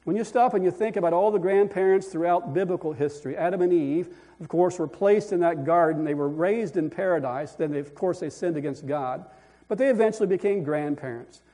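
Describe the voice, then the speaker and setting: Older male preacher, high-ish voice, folksy and rambling, chuckles, lots of restarts. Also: fairly quick, warm tone. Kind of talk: folksy storytelling sermon.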